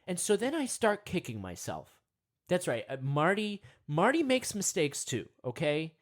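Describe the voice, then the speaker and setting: A young man rambling through a comic meditation monologue, often talking to himself and leaping into high, excited voices. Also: moderate pace.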